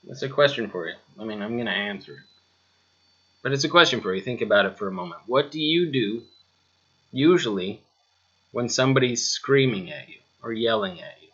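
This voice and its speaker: A man's voice: mid-range voice, expressive, fairly quick, fairly bright tone, slightly rough, muffled recording. A man teaching a spoken lesson, talking straight to the listener with rhetorical questions and a touch of sarcasm. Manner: mildly sarcastic asides. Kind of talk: spoken lesson over slides.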